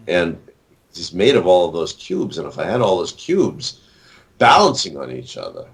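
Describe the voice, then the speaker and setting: Rambling deep-voiced older man. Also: big pitch swings, moderate pace. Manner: rambling, many fillers and restarts. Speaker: author and actor, interview guest. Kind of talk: casual interview talk.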